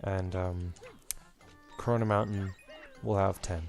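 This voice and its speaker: Rambling young man with a low voice. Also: fairly even intonation, a little slow, creaky, faint music behind. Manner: rambling, reminiscing, full of fillers and restarts. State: a bit out of breath. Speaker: let's play host. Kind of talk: rambling gameplay commentary.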